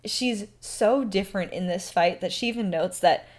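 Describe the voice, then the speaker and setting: A young adult woman talks through a favorite book in a casual, chatty review. She gushes emotionally about the characters and leans on "like" as she talks, her voice sitting at an everyday middle pitch. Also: normal speed, darkish tone. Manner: chatty, fills talk with "like".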